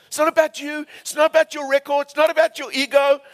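A man from England preaching a storytelling sermon, animated, switching between shouts and hushed tones. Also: very high voice, fast talker.

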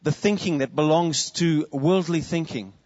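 A man preaching with an earnest voice that sits a little high for a man. The sound is dry and close, with a dull, lo-fi edge. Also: a little slow, darkish tone, no echo. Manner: earnest preaching with quoted prayers. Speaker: pastor. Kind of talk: sermon.

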